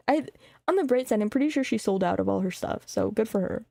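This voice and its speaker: Young woman streamer rambling and cussing, kinda high mellow voice, dry sound. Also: expressive, moderate pace, creaky, no room sound. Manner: rambling, swears freely, laughs often. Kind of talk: casual chat.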